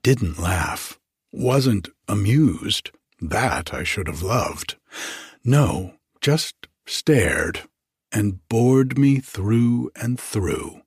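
Guy doing a chattery theatrical society lady, husky, lively, drawls along. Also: lowish voice, drawn-out words, no echo, studio quality, exaggerated voice. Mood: amused gushing.

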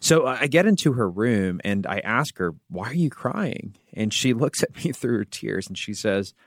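A man in his thirties hosting a devotional Bible podcast, telling a personal story earnestly and going soft and quiet in its tender moments. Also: lowish voice, expressive, moderate pace, no room sound, studio quality. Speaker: podcast host.

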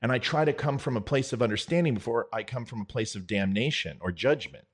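A man's voice: mid-range voice, animated, husky. A middle-aged man talking straight to the listener in an earnest, conversational political monologue. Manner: earnest, conversational, with quick impressions. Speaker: political commentator. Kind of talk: direct-address monologue.

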